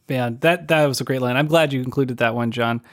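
A man co-hosting a casual podcast, relaxed, with laughs and "like" fillers. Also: mid-range voice, normal speed. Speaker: podcast co-host. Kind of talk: casual chat.

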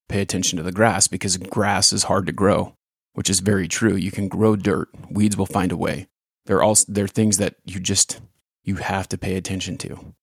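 Man, deep gravelly voice, flat steady delivery, dry close recording. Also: no room sound. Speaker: podcast host, former baseball coach. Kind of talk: casual spoken podcast with read-aloud story.

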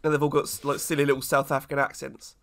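A man's voice: medium pitch, flat delivery, racing, vocal fry, a bit bright. A man co-hosting a podcast in casual chat, playful and teasing, often laughing. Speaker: podcast co-host.

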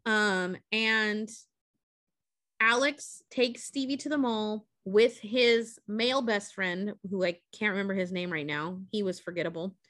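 Bright-voiced young woman recapping a movie. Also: medium pitch, unhurried. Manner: profane, animated storytelling with acted quotes. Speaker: podcast co-host. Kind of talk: casual chat, recapping a movie.

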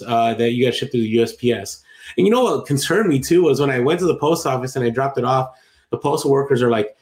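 A man's voice: medium pitch, reverberant. A man co-hosting a casual podcast chat, rambling and correcting himself as he goes. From Latin America. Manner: rambling, self-correcting, chatty. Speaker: podcast co-host. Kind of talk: casual chat about online selling.

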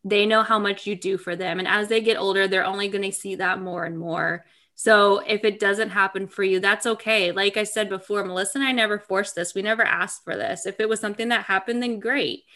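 Reassuring woman with a bright voice. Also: medium pitch, fairly even intonation, a little fast, few pauses. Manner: earnest and reassuring, often repeats "totally". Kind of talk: casual chat.

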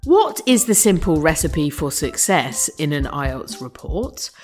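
Lively low-voiced woman podcaster. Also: measured pace, faint music behind. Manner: chatty, laughs often, lively questioning. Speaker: podcast co-host. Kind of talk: casual chat.

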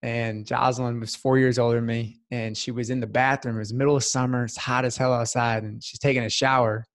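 A man's voice: medium pitch, level tone, a little fast. A man, a guest in a casual interview, telling a personal story in an earnest, heartfelt way with many fillers. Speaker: podcast guest.

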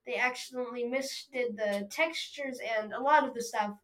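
A young host with a high, bright voice. She talks eagerly and playfully, teasing her dad in a casual chat. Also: normal speed. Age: child. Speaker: podcast host.

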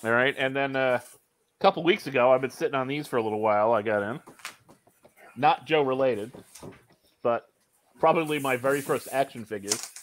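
A man's voice: medium pitch, fairly quick, long pauses, a little hiss or hum. A middle-aged man in casual chat, showing his collection with dry self-deprecating humor.

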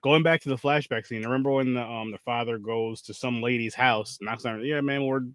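A man's voice: medium pitch, fairly even intonation, a little fast, fairly bright tone, dry recording. Rambling, profane man in dry close-up. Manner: rambling, profane, lots of restarts and fillers. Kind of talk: casual movie recap chat.

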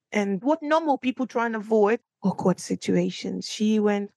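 A young adult woman hosting a solo podcast, chatting and telling a personal story in a lively way. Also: mid-range voice, brisk, hardly any pauses, dry recording. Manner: chatty storytelling, animated when quoting herself. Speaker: podcast host. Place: small room, recording alone.

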